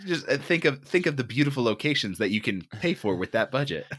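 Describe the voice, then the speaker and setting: A man co-hosting a film podcast as producer, giving thoughtful, measured comments in casual chat. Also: mid-range voice, big pitch swings, a bit bright, slightly rough, no echo, clean studio sound.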